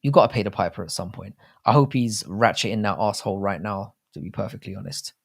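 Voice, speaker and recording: A man's voice: fairly low pitch, lively intonation, fast, gravelly. A British man co-hosting a live stream chat, rambling in a casual, profane way. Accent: British English. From Britain.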